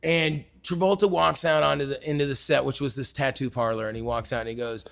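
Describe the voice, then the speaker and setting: A man telling stories in a casual bar conversation, animated and loud when he acts out quotes. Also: mid-range voice, brisk, gravelly. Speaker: stuntman and actor, podcast guest. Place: bar in Hollywood.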